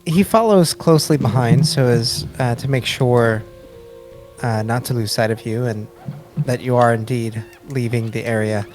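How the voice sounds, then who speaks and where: A man running a tabletop game as dungeon master, narrating slowly with many pauses and fillers. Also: mid-range voice, a little mellow, faint music behind. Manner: slow, hesitant with fillers.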